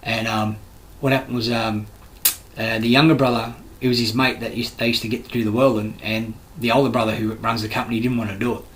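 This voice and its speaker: A man's voice: medium pitch, flat delivery, fairly quick, a bit bright, a little hiss or hum, low-quality recording. A man with an Australian accent, a construction worker delivering a rambling, heated, profane monologue full of restarts. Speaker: construction worker giving his views.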